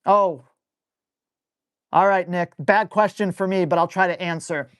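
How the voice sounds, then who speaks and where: A man's voice: sits high, a little slow, a bit bright, clear, resonant tone, no echo, studio quality. Man, dog trainer running a live Q&A: loose, blunt, a bit crude, answers viewer questions on the fly. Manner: blunt, casual, salty language; reads viewer questions aloud and answers them. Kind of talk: live stream Q&A.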